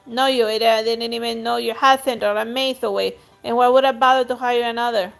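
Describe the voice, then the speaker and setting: A woman's voice: a little high, steady tone, fairly quick, vocal fry, fairly bright tone, faint music behind. A woman voicing a blustering, dismissive aristocratic husband in a story game, scolding as she reads. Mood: irritated. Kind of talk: reading game dialogue aloud.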